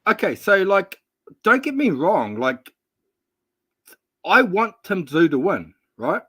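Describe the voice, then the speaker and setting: A man's voice: sits high, very animated, takes it slowly, bright, forceful tone, husky, no echo. A man arguing in a combative, sarcastic, swearing way in a heated casual debate on an online call. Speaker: panel guest, boxing fan.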